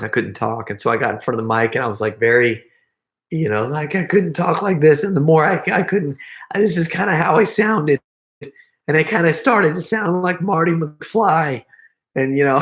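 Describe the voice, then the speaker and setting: A man's voice: mid-range voice, a bit bright, roomy sound. A middle-aged man hosting a casual livestream Q&A, rambling and chatting straight to his viewers. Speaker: YouTube prankster and channel host.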